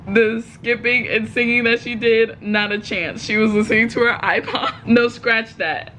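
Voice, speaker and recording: A woman's voice: fairly high pitch, steady tone, a little slow, fairly bright tone, a little hiss or hum, poor audio. A woman reading her own story aloud, breaking off with giggles and joking asides. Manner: giggly, breaks off to laugh and comment.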